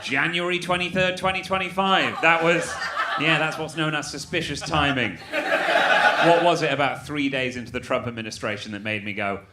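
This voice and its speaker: A Mancunian comedian in his thirties from Manchester, England, does a dry, sardonic stand-up set on a comedy club stage, bantering with the crowd. His voice is fairly high with fairly even intonation at a normal speed, and heavy noise from loud audience laughter and applause fills the background.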